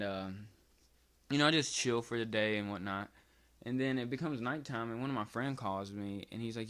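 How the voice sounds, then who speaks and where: A man's voice: lowish voice, fairly bright tone. A young man telling a casual storytime vlog story, rambling and swearing, with constant "like" fillers. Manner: rambling, profane, filler-heavy "like". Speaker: vlogger.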